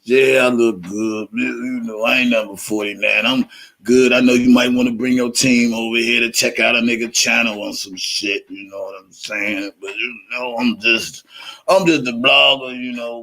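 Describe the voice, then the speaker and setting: A man's voice: on the low side, sharp tone. Blunt, profane man hosting a live stream. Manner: blunt and profane, talks straight to viewers. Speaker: YouTube commentary blogger and host. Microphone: checks his mic on stream.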